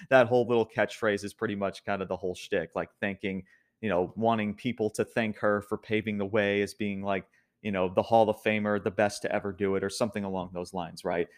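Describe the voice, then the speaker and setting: A man's voice: on the low side, moderate pace. A young man casually recapping a wrestling show as a podcast host, rambling with many restarts and frequent laughs.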